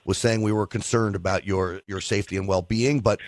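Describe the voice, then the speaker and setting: A man's voice: deep voice, steady tone, fairly quick, no room sound, clean studio sound. A man hosting a call-in talk radio show, teasing his callers in a jokey way and laughing often. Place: radio studio. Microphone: studio microphone.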